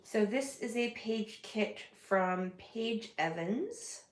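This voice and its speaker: A woman's voice: medium pitch, lively intonation, slow pace, echoey room. A woman with a nasal voice from a cold, chatting casually while hosting a live scrapbooking stream at home. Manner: chatty, rambling, self-correcting. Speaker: scrapbooking livestream host.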